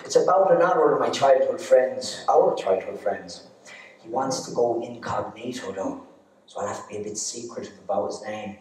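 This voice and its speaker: A man's voice: medium pitch, normal speed, a little hiss or hum. Irish man telling stories on stage. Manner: animated, laughing at his own jokes. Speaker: stand-up comedian. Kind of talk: live stand-up storytelling. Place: arts centre stage. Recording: echoey hall, distant mic.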